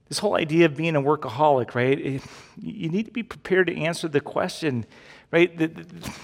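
A man, preaching a sermon as pastor in a conversational, emphatic way, repeating key phrases. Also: a little high. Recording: long hall reverb.

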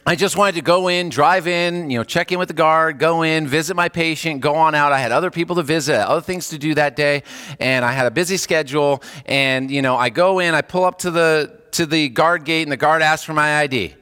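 A man's voice: fairly quick, pushed and bright, clean tone, long reverb tail. A man, a hospice chaplain, giving a casual, conversational sermon and acting out the people he quotes. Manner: conversational, acts out quoted voices with jumps in pitch.

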